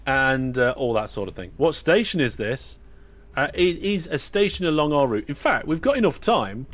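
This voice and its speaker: A young British man talks through a live stream of a train simulator game. He chats easily with his viewers and fills his talk with ums, uhs and restarts. His voice sits at an everyday middle pitch for a man. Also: very animated, normal speed, a bit bright. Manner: chatty, talks to viewers while playing, frequent fillers and restarts. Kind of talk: casual live-stream commentary.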